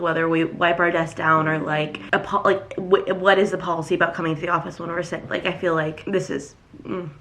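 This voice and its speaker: A woman in her twenties, congested and sick, ranting in a casual vlog with lots of filler words. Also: on the low side. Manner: animated, ranting, filler-heavy. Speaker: vlogger. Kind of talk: casual vlog talk to camera.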